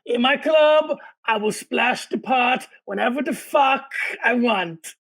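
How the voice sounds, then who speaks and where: A man impersonating a menacing card-room boss with a put-on Russian accent, husky. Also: very high-pitched, slow, a bit bright, full character voice.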